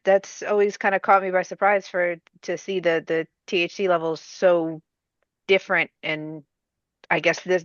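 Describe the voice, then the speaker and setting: A woman with a fairly low voice hosts a podcast chat, thinking out loud and trailing off at times. Her voice is dry and slightly muffled. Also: no echo. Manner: musing, hesitant. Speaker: podcast host. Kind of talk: casual chat.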